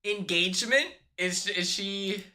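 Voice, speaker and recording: Excitable streamer man, bright voice, slow talk. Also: high voice. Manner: excitable, swears, laughs often, shrieks when retelling. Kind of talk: casual live-stream chat. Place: hotel room.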